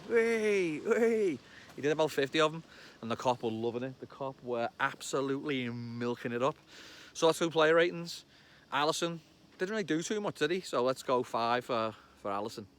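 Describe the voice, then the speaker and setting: A man in his thirties with a Liverpool accent, chatting excitedly outdoors about a football match, swearing and bursting into loud shouts. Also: medium pitch, slight background noise. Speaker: football fan vlogger. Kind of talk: casual match reaction vlog. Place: outdoors among trees.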